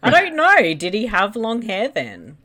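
Slow-talking, animated co-host. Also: medium pitch. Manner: teasing, laughs often. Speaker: podcast co-host. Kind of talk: casual movie commentary chat.

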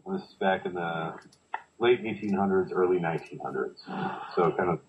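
Male podcast co-host, very low voice, hesitant storyteller, dull recording. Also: fairly quick, a crowd in the background. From United States. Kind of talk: casual chat.

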